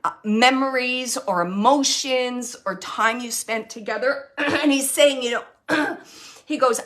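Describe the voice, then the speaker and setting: Woman medium, middle-aged, bright and slightly high voice, repeats messages gently. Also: expressive, takes it slowly. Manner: relays spirit messages, repeating phrases softly. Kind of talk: live online mediumship reading.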